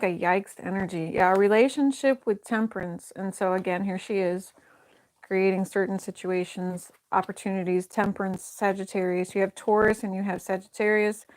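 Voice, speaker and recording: A woman at a medium pitch talks through a tarot spread in an easygoing, conversational way. She muses aloud, trails off and circles back as she interprets each card. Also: steady tone, normal speed, darkish tone. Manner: thinks aloud, hesitant, many fillers and restarts. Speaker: tarot reader. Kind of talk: casual tarot reading to camera.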